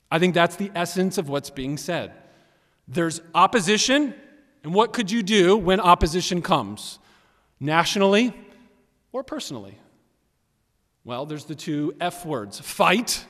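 A man preaching a sermon as pastor, animated and emphatic, swinging between loud and quiet. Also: fairly high pitch, measured pace. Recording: long reverb of a large hall.

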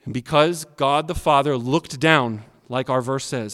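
A pastor preaching an expressive sermon that now and then speaks directly to the children. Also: male voice, mid-range voice, a little slow. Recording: long hall reverb.

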